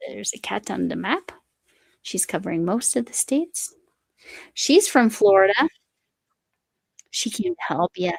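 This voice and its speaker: A woman's voice: mid-range voice, creaky, no echo. A woman hosting a casual live chat while she crochets, reading viewer comments aloud and talking to her cat. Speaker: livestream host.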